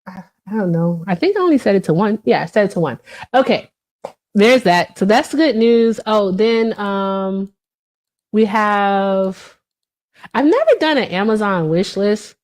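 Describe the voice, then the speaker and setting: A woman's voice: medium pitch, expressive, measured pace, darkish tone. A woman in her thirties chatting casually on a live stream, reading and answering viewer comments, with many fillers.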